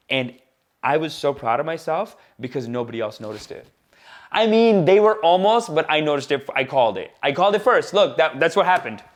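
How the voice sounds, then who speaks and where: A young adult man who grew up in India, hosting a comedy podcast in a rambling, slangy monologue full of repeated asides. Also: medium pitch.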